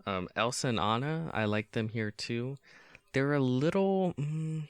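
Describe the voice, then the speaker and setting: A man's voice: mid-range voice, unhurried, clean tone, dry recording. A man co-hosting a podcast in casual chat, hesitant with frequent ums and restarts, laughing often. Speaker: podcast co-host.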